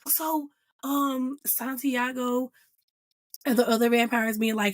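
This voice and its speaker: Animated woman gushing over a TV episode. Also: a little high, takes it slowly, no echo. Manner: animated and emphatic, acting out characters' lines and calling them "girl". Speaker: host reviewing a TV episode. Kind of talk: casual chatty TV recap.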